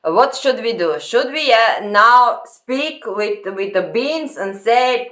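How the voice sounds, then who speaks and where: Halting, slow-talking woman reacting to a clip. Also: on the high side, expressive, fairly bright tone. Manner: halting non-native phrasing, repeating words. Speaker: reaction video host. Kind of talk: commenting on a played clip.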